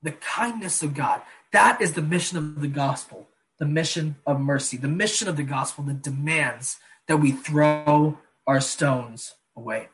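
Earnest preacher man, higher voice. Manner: earnest, slows down and drops soft on key phrases. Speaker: pastor. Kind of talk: sermon.

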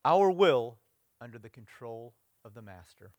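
A middle-aged male pastor preaching in a conversational way, letting phrases trail off softly and sometimes rising into loud, mock-stern lecturing. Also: mid-range voice, expressive, a little slow, dull audio. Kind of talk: sermon.

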